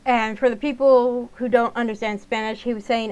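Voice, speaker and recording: A woman's voice: a little high, steady tone, normal speed, darkish tone, smooth, rough recording. A young woman narrating a visual novel and chatting casually between lines, with fillers. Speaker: gaming channel host. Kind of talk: let's-play narration and casual commentary.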